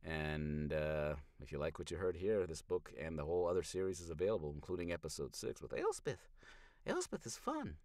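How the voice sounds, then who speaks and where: A man narrating an audiobook in first person, sardonic, swinging from hushed asides to loud outbursts, in a small hot booth. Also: low voice, very animated, brisk, dry recording, studio quality. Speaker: audiobook narrator streaming a reading.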